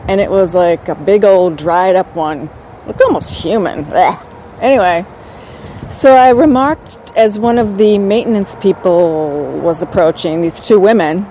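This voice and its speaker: A woman's voice: mid-range voice, unhurried, mellow, a little hiss or hum, low-quality recording. A woman hosting a podcast, talking in a chatty, wry and rambling way. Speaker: podcast host. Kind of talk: casual solo podcast chat.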